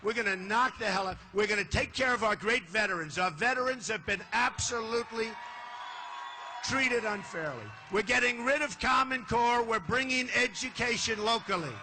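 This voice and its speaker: A man's voice: extremely high pitch, moderate pace, noisy background. Older man boasting at a rally. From United States. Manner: boastful, repetitive, punchy phrasing. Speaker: political candidate. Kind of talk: campaign rally speech. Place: large indoor arena.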